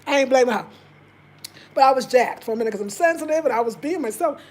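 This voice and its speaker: A woman's voice: high-pitched, animated, fast, a little mellow. A woman chatting casually on a live stream, talking straight to her viewers and answering their comments. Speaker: vlogger reading live chat.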